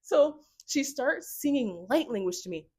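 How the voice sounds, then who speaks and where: A young woman vlogger telling a story to camera in an excitable, rambling way, full of fillers. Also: sits high, unhurried, breathy edge.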